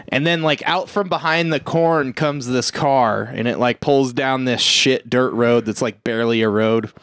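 A man's voice: medium pitch, moderate pace, few pauses, dry recording, clean studio sound. A man co-hosting a casual podcast, retelling a film scene with lots of swearing and acted-out lines. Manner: animated, profane retelling with acted-out quotes. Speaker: podcast co-host. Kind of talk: casual chat.

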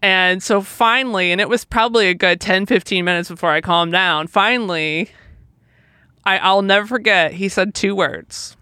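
Woman, bright voice, dry close sound, emotional storytelling, vivid quoted dialogue. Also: medium pitch, normal speed, dry recording. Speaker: podcast co-host. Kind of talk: personal storytelling.

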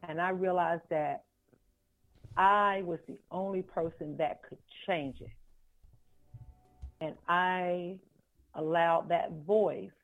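A woman, an author and life coach, telling a personal story in a podcast interview, slow and earnest, repeating phrases for weight. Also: fairly low pitch, steady tone. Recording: phone-like line with faint music.

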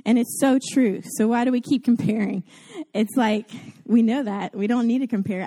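A mother with a Southern US accent giving a casual, chatty Mother's Day sermon to her church, self-deprecating and lively in how she tells it. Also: medium pitch, normal speed. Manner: chatty and self-deprecating, acts out gushing voices. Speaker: guest preacher at a church service.

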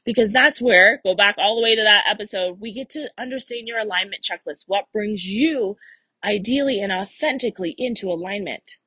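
A woman's voice: mid-range voice, fairly quick, slightly rough, dry recording. A young woman hosting her own podcast as a life coach, talking casually and animatedly, often acting out what listeners think. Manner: animated, acts out listeners' inner voices. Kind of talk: solo podcast talk.

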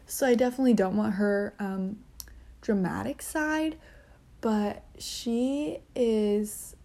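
Young woman, podcast host, casual solo chat, slow-paced, mellow tone, earnest, lots of ums. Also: medium pitch, gravelly. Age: young adult. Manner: chatty and earnest, with frequent ums and gushing.

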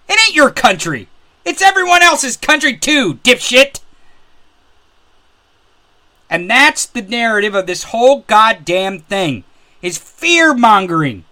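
Man, angry political rant, sarcastic, profane, high pitch, bright tense tone. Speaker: political commentator.

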